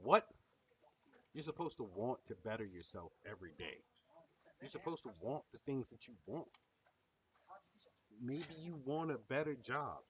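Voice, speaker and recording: A man's voice: mid-range voice, expressive, normal speed, long pauses, recorded from a distance, dull audio. A man streaming a reaction video, bluntly lecturing and swearing as he picks apart what he watches. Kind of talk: profane reaction commentary.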